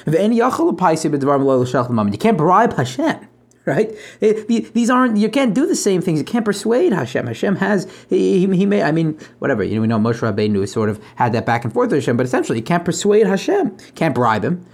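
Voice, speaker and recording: A man's voice: a little high, sing-song, quick pace. A man teaching a Talmud class casually, reading each line and explaining it in plain talk with frequent restarts and asides. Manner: translates line by line, restarts phrases, conversational asides.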